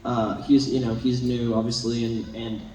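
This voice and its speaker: A man's voice: mid-range voice, moderate pace. A young man as a panel guest, telling rambling stories with lots of laughs. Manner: rambling, animated, laughs often. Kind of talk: casual panel storytelling. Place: large convention hall. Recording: echoey convention hall from far off, crowd. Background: crowd noise.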